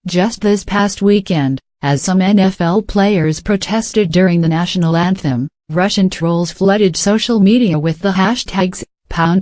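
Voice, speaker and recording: A man's voice: high-pitched, measured pace, hardly any pauses, darkish tone, no room sound. A man from Africa hosting a late-night comedy show, delivering a scripted monologue and playing the dry, incredulous straight man.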